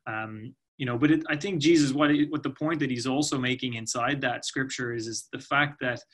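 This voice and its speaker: A man's voice: medium pitch, brisk, a bit bright. A man who works for a nonprofit ministry, a guest on a podcast, explaining scripture thoughtfully, with many restarts and "you know"s. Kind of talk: podcast interview answer.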